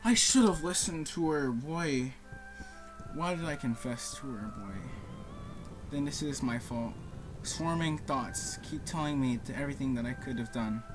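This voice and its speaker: A man's voice: medium pitch, measured pace, music in the background. A man playing through a story game, reading the on-screen text aloud and reacting emotionally to what happens. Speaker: let's play gamer. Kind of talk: game playthrough commentary.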